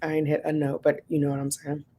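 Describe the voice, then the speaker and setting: A woman's voice: deep voice, monotone, quick pace, mellow, slight background noise. A woman casually chatting at home on a livestream, laughing often and greeting viewers by name. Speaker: vlogger hosting a livestream.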